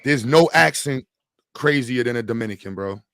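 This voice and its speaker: A man's voice: medium pitch, lively intonation, moderate pace, fairly bright tone, no room sound. A young man with a Brooklyn accent, hosting a casual, profane, joking chat. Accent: Brooklyn New York. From Brooklyn, New York.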